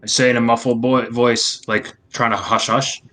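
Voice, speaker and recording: Male player, playful casual table chat, medium pitch. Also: little pitch movement, normal speed, bright, forceful tone.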